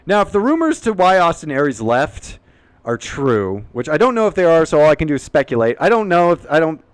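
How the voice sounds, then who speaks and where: A man's voice: a little high, big pitch swings, a little fast, clean tone, no room sound. A man hosting a casual, unscripted recap of a show, rambling and opinionated and swearing freely. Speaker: YouTube wrestling recap host.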